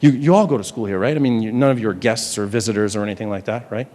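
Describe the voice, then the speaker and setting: Fast-talking male stage hypnotist. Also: on the low side, darkish tone. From New Hampshire, USA. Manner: rambling, chatty, many restarts. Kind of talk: live stage show patter. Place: large campus hall, indoors. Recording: live hall with long reverb.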